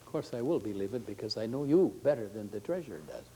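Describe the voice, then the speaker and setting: A man's voice: on the low side, expressive, fast, slightly rough, rough recording. A man giving an inspirational talk to a faith gathering, folksy and joking with his listeners. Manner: folksy, joking, warmly conversational.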